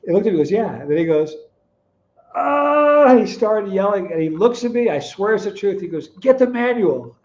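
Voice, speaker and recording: A middle-aged man with a fairly high voice hosts a casual live stream. He chats and teases his viewers by name. The sound is dull and a little lo-fi. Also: quick pace, few pauses, mellow. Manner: chatty, teasing viewers by name, storytelling. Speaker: live stream host reading chat. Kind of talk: casual chat.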